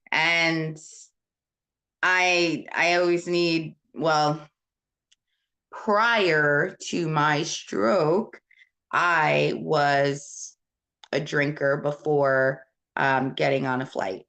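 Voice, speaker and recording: A woman's voice: sits low, steady tone, very slow, fairly bright tone. A woman from Puerto Rico hosting a casual live stream, answering viewer comments in a rambling, candid way with many fillers. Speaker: host.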